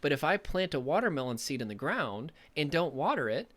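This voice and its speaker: A man's voice: fairly high pitch, sing-song, a little fast, fairly bright tone. A man coaching on trauma recovery, talking earnestly and emphatically to camera, often repeating himself. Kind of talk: motivational talk to camera.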